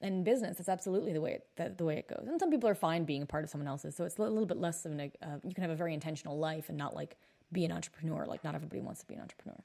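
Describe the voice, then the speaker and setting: A woman in her thirties, a coach and podcast host, telling a story in a blunt, animated monologue and swearing for emphasis. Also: low voice, very fast, gravelly.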